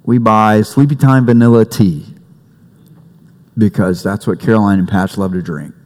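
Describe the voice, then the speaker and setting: A man preaching a sermon as pastor, conversational and warm-humored, with family stories. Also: fairly low pitch, steady tone, normal speed. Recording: long reverb in a church hall.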